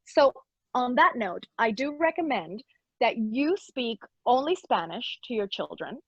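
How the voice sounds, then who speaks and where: A woman's voice: on the high side, expressive, a little slow, fairly bright tone, husky, no echo. Effusive woman, dull dry recording. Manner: effusive, upbeat, laughs often. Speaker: interview guest. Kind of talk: casual interview chat.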